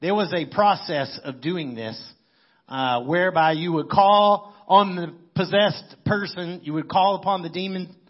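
A man's voice: sits high, measured pace, lo-fi sound. A man preaching a sermon in a conversational way, as if thinking aloud. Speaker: pastor.

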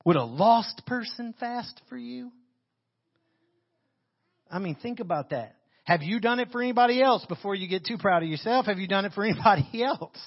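High-voiced animated preacher man. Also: moderate pace, breathy edge, lo-fi sound. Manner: animated preaching, reads scripture and then comments on it. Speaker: pastor. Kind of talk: sermon. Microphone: handheld microphone.

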